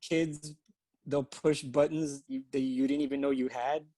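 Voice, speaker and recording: A man who is a guest on a podcast, talking reflectively in a halting way with many restarts. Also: mid-range voice, level tone, warm tone, dry recording. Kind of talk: casual interview chat.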